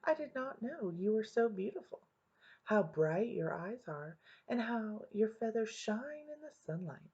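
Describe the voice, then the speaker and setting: A woman voicing a sly, flattering male fox from a storybook, speaking slowly in a coaxing, sweet tone. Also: fairly high pitch, breathy edge, pitched above the performer's own voice, exaggerated voice. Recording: dull lo-fi recording.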